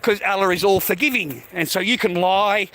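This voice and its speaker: A man's voice: high voice, normal speed, pushed and bright. An Australian man ranting to his livestream viewers, swearing constantly and calling them mate. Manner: profane, repetitive, addresses viewers as mate. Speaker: live streamer. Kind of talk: rambling livestream rant.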